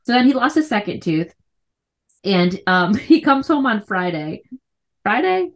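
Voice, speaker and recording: A podcast co-host tells a story in casual chat, her medium-pitched voice unhurried. She's an animated storyteller who acts out what people said and laughs often.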